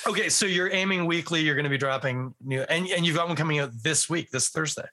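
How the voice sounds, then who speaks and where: A man with a bright, slightly raised voice talks loosely as a podcast guest. He drifts from one tangent to the next in relaxed chat. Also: on the high side, quick pace. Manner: rambling, goes off on tangents. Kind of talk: casual chat.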